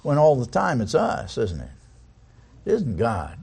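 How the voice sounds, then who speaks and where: A man's voice: mid-range voice, wildly swooping pitch, unhurried, vocal fry, a little mellow, husky. A man preaching a sermon, reading scripture aloud and putting many rhetorical questions to the congregation.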